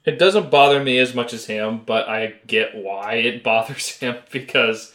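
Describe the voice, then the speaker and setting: A man in casual podcast conversation, dry and sarcastic in his comments. His voice has a middle pitch and sounds ordinary in tone. The recording has a noticeable roomy echo around him. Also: takes it slowly, a bit bright. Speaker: podcast co-host. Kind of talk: casual chat.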